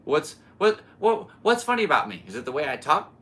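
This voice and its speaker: A man's voice: a little high, big pitch swings, a little fast, bright, forceful tone, pitched above the performer's own voice. A man imitating a hot-tempered middle-aged male mobster who fires off stammering, confrontational questions. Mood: menacing.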